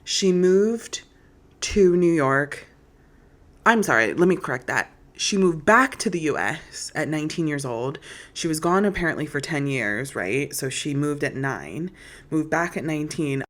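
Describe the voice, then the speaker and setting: A woman with a low voice hosts a solo commentary podcast. Her pitch swoops and jumps with every point she makes, and she sounds sassy and incredulous, talking straight to her listeners. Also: expressive, a little slow. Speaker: podcast host.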